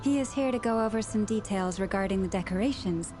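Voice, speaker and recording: Calm female game character, voiced by a woman. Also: mid-range voice, fast, lightly acted. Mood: informative. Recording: game audio over clear music.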